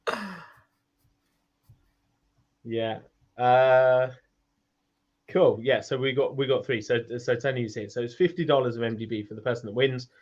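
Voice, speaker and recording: A man's voice: medium pitch, steady tone, moderate pace, long pauses, a little mellow, muffled recording. A British man hosting a casual online Q&A, chatty and rambling, laughing easily. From United Kingdom. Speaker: host of a community Q&A.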